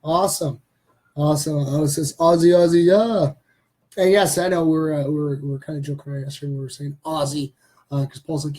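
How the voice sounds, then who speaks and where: A man hosting a live stream in a loose, rambling way, filling gaps with lots of ums and uhs. His voice is husky and mellow, sitting a touch high for a man. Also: fairly even intonation, a little fast. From Canada. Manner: rambling with many fillers. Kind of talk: casual live stream chat.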